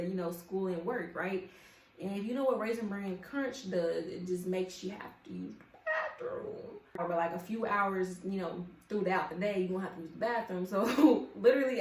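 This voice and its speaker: Young woman vlogger, animated and profane, in an echoey room. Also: medium pitch. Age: young adult. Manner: animated, profane, talks straight to viewers. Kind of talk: casual storytime chat. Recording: echoey room with faint ambience.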